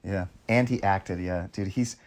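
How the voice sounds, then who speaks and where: A man's voice: low voice, unhurried, a little mellow, a little hiss or hum. A man co-hosting a podcast, adding short, eager remarks in a casual chat about movies. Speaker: podcast co-host.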